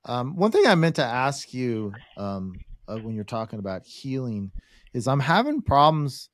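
A man's voice: mid-range voice, very animated, normal speed, dry recording, studio quality. A man co-hosting a podcast, asking casual questions about training his own dog. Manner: conversational, asks questions, agrees briefly. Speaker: co-host asking listener questions.

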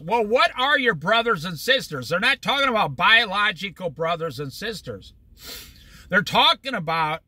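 A man teaching a conversational Bible study with humor, often acting out quick everyday voices. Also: high-pitched, lively intonation, sharp tone, dry recording.

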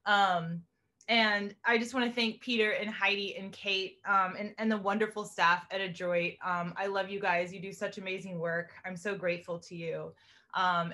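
A woman poet at an online reading who chats gratefully with many fillers before reading her poems slowly. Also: medium pitch. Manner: warm, grateful chat with frequent fillers. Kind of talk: poetry reading with spoken introduction. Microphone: video call.

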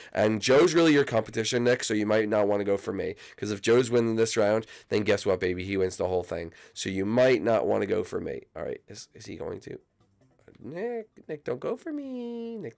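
A young man giving excited, repetitive game commentary, jumping to squeaky shouts now and then. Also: creaky. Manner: hyped, repeats phrases, jumps to squeaky shouts. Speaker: gaming YouTuber.

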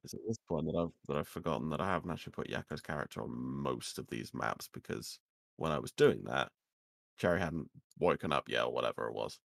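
A man narrating as game master, halting with many ums and uhs. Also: rumbling low, vocal fry, fairly bright tone, no room sound, clean studio sound.

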